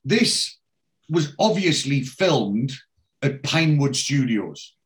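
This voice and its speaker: A man's voice: mid-range voice, very animated, slow. A man from England chatting casually as a podcast host, retelling scenes from a TV episode and quoting the characters' lines. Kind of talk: casual chat recapping a TV episode.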